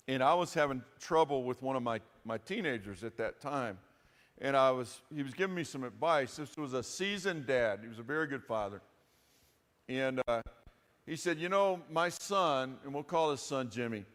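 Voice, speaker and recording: A man's voice: mid-range voice, a bit bright. A man preaching a sermon as pastor, with a conversational, folksy manner and frequent asides. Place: church sanctuary. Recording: reverberant church hall.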